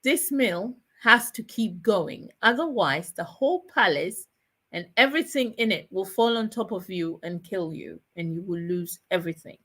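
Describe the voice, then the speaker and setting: A woman voicing a weary old man, well over sixty, who has been trapped turning a mill for years, speaking low, heavy and solemn. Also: expressive, normal speed, sharp tone, heavily acted. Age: older.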